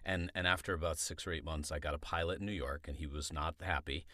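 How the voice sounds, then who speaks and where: A man's voice: a bass voice, fairly even intonation, fast talker, pushed and bright, no echo, clean studio sound. A man hosting an interview podcast, talking in a casual, chatty way. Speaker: podcast host.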